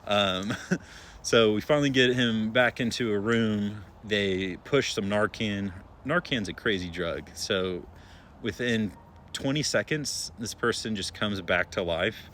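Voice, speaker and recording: A young man who works as an emergency room nurse tells a story in a relaxed, chatty way, with many filler words. His voice sits a little low. A faint hum is heard behind him. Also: takes it slowly. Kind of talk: casual storytelling to followers.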